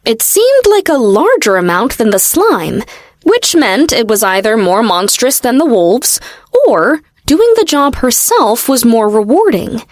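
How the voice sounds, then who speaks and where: A woman narrating a fantasy audiobook in a steady, expressive storytelling manner. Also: on the high side, a little slow, no room sound, clean studio sound. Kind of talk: scripted narration.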